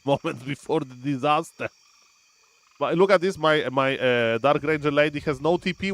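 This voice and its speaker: Male streamer, mid pitch; animated live play-by-play of his own game. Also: moderate pace. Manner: animated, often says "ladies and gentlemen", thinks aloud with fillers. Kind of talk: live gameplay commentary.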